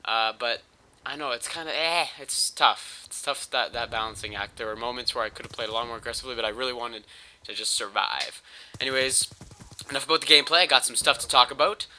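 A man's voice: medium pitch, fast talker, sharp tone, a little hiss or hum. A man with a cold, rambling and joking crudely as he talks over his gameplay footage on a home mic. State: sick with a cold. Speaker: gaming channel host.

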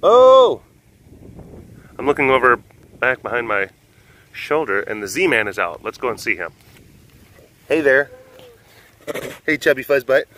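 A man who works with big cats, chatting and joking as he walks outdoors around a sanctuary, cooing softly at the animals. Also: mid-range voice, expressive, moderate pace, pauses often, slight background noise. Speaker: big cat keeper at a wildlife facility. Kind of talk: casual walking vlog. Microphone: handheld phone.

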